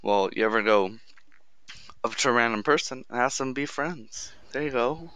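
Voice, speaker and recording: Bright, joking young man. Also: mid-range voice, normal speed, no echo. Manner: joking, boisterous, teasing. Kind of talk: casual chat.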